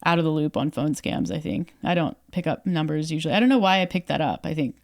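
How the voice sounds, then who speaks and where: A young woman from Canada tells a story on a podcast with a slightly low, easygoing voice. She chats casually, acting out both sides of a conversation and leaning on fillers as she goes. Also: fast talker. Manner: animated storyteller, acts out quoted dialogue, many fillers. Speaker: podcast co-host.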